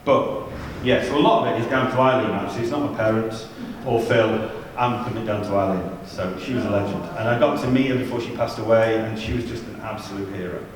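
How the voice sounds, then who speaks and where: With a lowish voice and a quick delivery that barely pauses, a man leading a church youth ministry seminar tells chatty, humorous stories with asides. He's recorded from a distance in a big, echoey hall with slight background noise.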